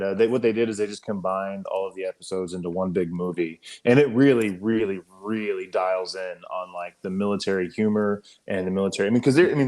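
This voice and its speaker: A male podcast host with a lowish voice, chatting casually. He rambles, fills every gap with "like" and "man", and gets there in the end. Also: a little mellow. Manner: rambling, many fillers, says "man" a lot. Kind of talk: casual chat.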